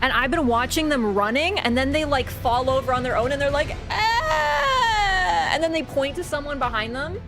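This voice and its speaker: A woman chats casually on her live stream, her voice sitting fairly high. She rambles and swears freely as she rants, with music playing clearly behind her. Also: brisk, few pauses.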